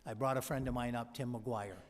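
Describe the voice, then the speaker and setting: Man, convocation speech, energetic storytelling, long hall reverb. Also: medium pitch, moderate pace. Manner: energetic storyteller who acts out quoted dialogue. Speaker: honorary doctorate recipient giving a convocation address. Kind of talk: anecdotal motivational speech.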